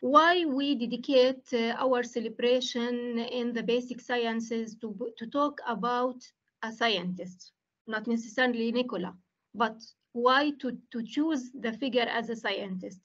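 A woman academic hosting a webinar over a video call, speaking haltingly with many fillers and restarts. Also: on the high side, fairly bright tone, lo-fi sound.

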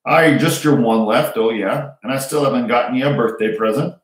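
A man's voice: mid-range voice, a little fast, close to an everyday voice. A man voicing a big, kindly, folksy giant groundskeeper. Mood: bluff. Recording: roomy echo.

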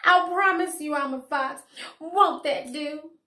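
A woman's voice: sits high, slow pace, bright, forceful tone, voice pushed up, exaggerated voice. Woman voicing a pompous boastful fox. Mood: sobbing. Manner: grandiose, pleading, wordy. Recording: echoey room.

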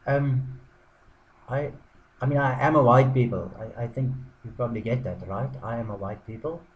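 A man who blogs, delivering a mock apology in deadpan irony, halting with frequent ums and restarts. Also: medium pitch, background noise. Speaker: blogger. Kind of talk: sarcastic mock apology to camera.

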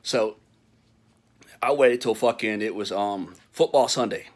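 A man's voice: lowish voice, a little slow. A middle-aged man telling a story in a casual, rambling way, full of swearing and frequent laughter. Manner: profane, rambling, laughs often.

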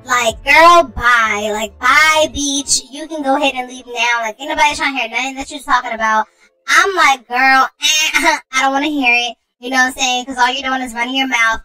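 High, bright woman with slangy game chatter. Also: a little fast, soft background music, rough recording. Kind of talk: casual game commentary.

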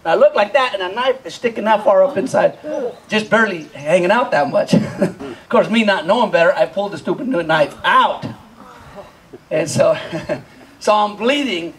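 An animated male stand-up comedian with a high voice tells a story live. He laughs often, acts out scenes and keeps asking the crowd questions. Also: normal speed, low-quality recording.

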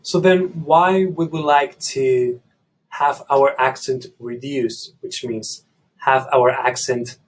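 A man with a slightly husky voice explains language in an educational video. He speaks in a measured, deliberate way and builds his argument point by point. His pitch sits at an ordinary middle level. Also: poor audio.

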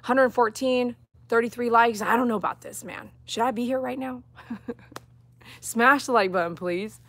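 Chatty, coaxing woman groomer, high voice. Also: unhurried, fairly bright tone. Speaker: dog groomer. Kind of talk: live-streamed grooming demonstration. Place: outdoors.

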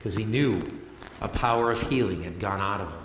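A man's voice: lowish voice, a little fast, slight background noise. A male pastor preaching a sermon in a conversational way, repeating phrases for emphasis. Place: church sanctuary. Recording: echoey hall with long reverb.

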